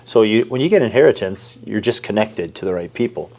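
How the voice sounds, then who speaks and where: A man with a low, gravelly voice chats on a church podcast in a loose, rambling way. He is a pastor who jokes easily, and he fills his sentences with "you know" as he goes. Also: lively intonation, brisk, darkish tone. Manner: rambling and joking, lots of "you know" fillers. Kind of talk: casual conversational podcast chat.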